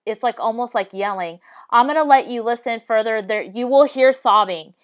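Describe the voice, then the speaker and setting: A woman's voice: on the high side, normal speed. A woman giving casual commentary over video clips, talking insistently, repeating her points and restarting mid-sentence. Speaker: video analysis vlogger.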